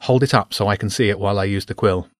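A man voicing a brisk, determined young hero in a storybook reading, close to his own voice. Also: lowish voice, dry recording, natural voice.

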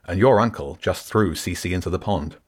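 A man's voice: deep voice, normal speed, slightly rough. Brief: steely young girl, firm and threatening, read by a male narrator. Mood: determined. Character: fierce determined young girl.

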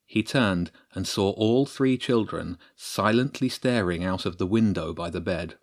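Male narrator, low voice, expressive storybook read. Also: measured pace, hardly any pauses.

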